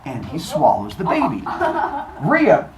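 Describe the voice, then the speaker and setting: Lively low-voiced woman telling a myth. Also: unhurried. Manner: animated, joking, quizzes listeners. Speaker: storyteller. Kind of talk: lively comic myth retelling. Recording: echoey room, noisy.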